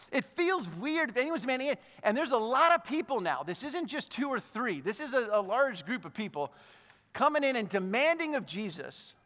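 Pastor, male, high voice, lively sermon delivery with acted-out quotes, long reverb of a hall. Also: normal speed. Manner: animated, acts out the Bible figures' lines; hushed, low voice in prayer.

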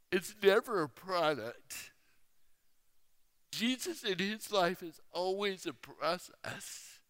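A man preaching a sermon, telling a personal story slowly and with emphasis. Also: sits high, a bit bright, clear, resonant tone. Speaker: speaker. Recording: reverberant hall.

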